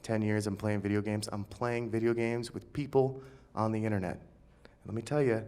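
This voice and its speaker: A man's voice: lowish voice, normal speed, clear, resonant tone. Man in his twenties doing stand-up. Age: 20s. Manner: animated storytelling, acts out dialogue. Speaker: stand-up comic. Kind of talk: stand-up set.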